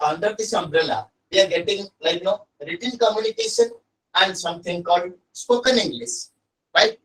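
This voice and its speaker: A man's voice: high-pitched, fairly bright tone, recorded from a distance, rough recording. A man with an Odia Indian accent teaching an English lesson, stressing and repeating his key points to students. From Odisha, India. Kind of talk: classroom lesson.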